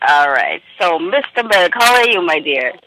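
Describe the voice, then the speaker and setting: A friendly male caller speaks over the phone, joking with the host before asking his question. His voice sits high for a man and comes through very bright and sharp. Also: very animated, moderate pace, rough recording. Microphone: phone call.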